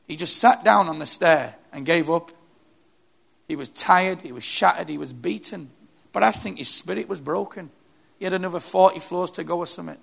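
Male preacher, gravelly, slightly high voice, emphatic repeating sermon style. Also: a bit bright.

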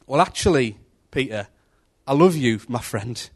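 A man's voice: medium pitch, measured pace. A man giving an informal devotional talk in a conversational, storytelling manner. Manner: conversational, animated, acts out story voices. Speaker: preacher.

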